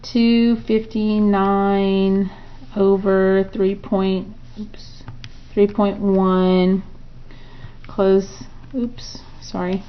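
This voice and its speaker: Unhurried woman teaching math, muffled recording. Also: medium pitch, little pitch movement. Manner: talks through steps aloud, frequent "okay" and "right?". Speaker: math instructor. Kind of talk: recorded review lesson.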